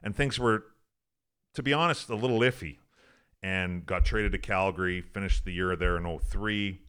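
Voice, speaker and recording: A man's voice: deep voice, normal speed, a bit bright, smooth. A man, a former pro hockey player from Alberta, telling a long, profane, rambling story in a casual interview, full of "like" and "I'm like.". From Alberta, Canada.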